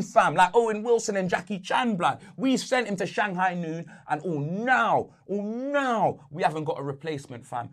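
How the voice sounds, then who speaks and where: Ranting young man, higher voice. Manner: ranting, exasperated, street slang tags on every line. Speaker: football fan pundit. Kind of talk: casual football rant.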